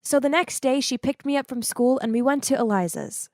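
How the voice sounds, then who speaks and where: A woman narrating an animated storytime in a dramatic, emotive way. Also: brisk, dry recording, studio quality. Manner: emotive and dramatic, swings to high exclaims.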